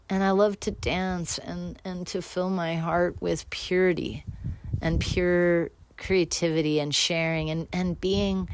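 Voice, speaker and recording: Woman host, low voice, candid rambling storyteller, dry close sound. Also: no room sound. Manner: rambling, candid, self-deprecating with restarts. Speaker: radio show host. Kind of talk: personal storytelling monologue.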